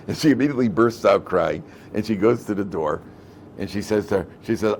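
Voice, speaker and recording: A man's voice: lowish voice, moderate pace, slight background noise. A man, a rabbi, giving a Torah lecture to a live class, talking conversationally, repeating phrases and acting out quoted speech in his stories.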